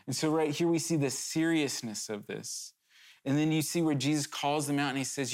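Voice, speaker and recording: A man's voice: fairly high pitch, moderate pace. A man preaching a sermon to his congregation, earnest and urgent, talking conversationally with candid asides and sudden emphatic rises.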